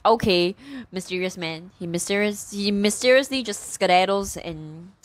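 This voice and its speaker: A woman chatting casually about a book as a reviewer, retelling it in a rambling, animated way full of fillers. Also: medium pitch, normal speed, no echo, poor audio.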